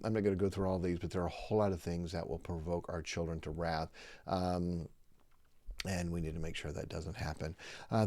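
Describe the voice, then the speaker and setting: Man, preacher, podcast sermon, earnest, low pitch, dry close recording. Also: dark tone, dry recording. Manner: earnest, acts out short parent-child exchanges; repeats points for emphasis, tags lines with "okay?". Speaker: preacher teaching on parenting. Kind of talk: podcast sermon-style teaching.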